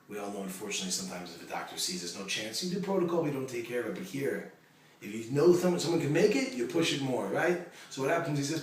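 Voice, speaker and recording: A male rabbi giving a Torah lesson, telling stories in a lively way with joking asides. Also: mid-range voice, quick pace. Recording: echoey room, mic far off, faint noise.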